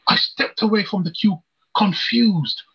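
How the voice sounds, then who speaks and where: A preacher with a husky, somewhat high voice, working rhetorical questions into an earnest personal testimony. The recording is dull and lo-fi. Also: male voice, moderate pace.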